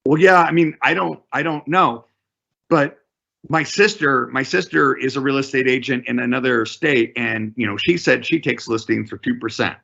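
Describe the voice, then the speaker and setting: A man's voice: mid-range voice, fairly even intonation, moderate pace, creaky, bright, forceful tone, slightly rough, highs cut off, exaggerated voice. A man voicing a defensive, unsure home seller who stammers and repeats himself.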